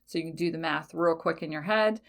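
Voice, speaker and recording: Woman podcast host, lowish voice, casual chatty talk, laughs a lot, light swearing, lots of fillers. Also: a little fast. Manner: frequent fillers, self-corrections. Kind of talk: casual solo podcast chat.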